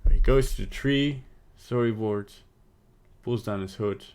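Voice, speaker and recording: Man, casual livestream talk, rambling, halting, slightly low voice. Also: darkish tone, a little hiss or hum. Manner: rambling, halting, with many fillers and restarts. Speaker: 3D animator streaming his work.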